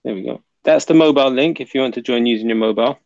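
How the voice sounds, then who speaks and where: A man's voice: mid-range voice, very fast, vocal fry, a little mellow, no room sound. A man hosting a casual livestream, chatting and muttering to himself as he reads comments and sets up links. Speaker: livestream host. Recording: dull lo-fi dry sound.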